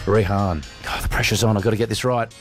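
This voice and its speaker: A man's voice: fairly low pitch, quick pace, soft background music. A man hosting a radio show, chatting casually and playfully with his team. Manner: playful, animated, self-mocking. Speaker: radio host.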